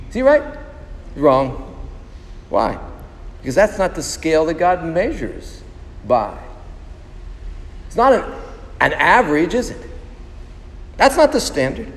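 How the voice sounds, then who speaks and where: Pastor, male, high-pitched, emphatic, asks the room questions; long hall reverb. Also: sing-song, a little slow, pauses often. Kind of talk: sermon.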